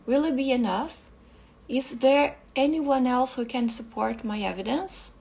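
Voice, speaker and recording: A woman reading aloud, voicing a calm, coldly composed foreign wife in a short story. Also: high-pitched, measured pace, gravelly, husky, full character voice. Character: cold, composed foreign woman, middle-aged.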